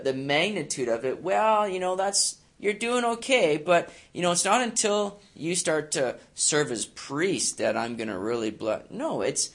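A male pastor preaching a sermon in a conversational way, with frequent fillers and repeated words. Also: on the high side.

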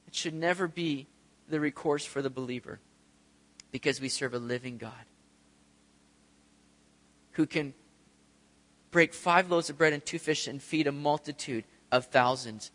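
A man preaching a sermon, telling the story with animated, acted-out scenes. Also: fairly high pitch, measured pace, long pauses, big-room sound. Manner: animated storytelling, acts out voices of disciples. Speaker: pastor.

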